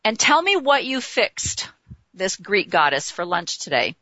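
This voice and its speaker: A woman's voice: medium pitch, very animated, a little slow, sharp tone, no room sound, muffled recording. A woman in her fifties hosting an internet radio talk show, effusive and rambling. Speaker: host.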